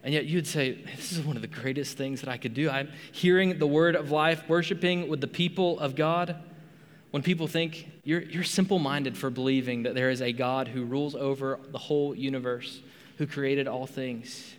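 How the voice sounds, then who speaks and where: A man's voice: medium pitch, steady tone, moderate pace, big-room sound. A man preaching a sermon as pastor, earnest, often repeating words as he starts a phrase. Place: rec center meeting room.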